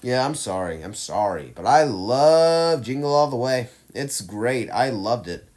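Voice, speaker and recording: A man casually ranking movies on his own channel, rambling with lots of fillers and restarts, getting louder and softer as his enthusiasm rises and fades. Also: mid-range voice, animated, measured pace. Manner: enthusiastic, swings loud and soft. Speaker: movie reviewer ranking films. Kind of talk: casual rambling tier-list vlog.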